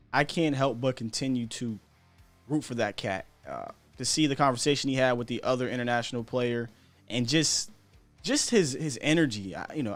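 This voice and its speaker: A man talks sports in a loose, conversational way, his voice sitting in a middle pitch. He is animated and throws out rhetorical questions. Faint guitar music plays softly behind him. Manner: animated, chatty, asks rhetorical questions, laughs at himself. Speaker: sports podcast host. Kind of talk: casual sports commentary.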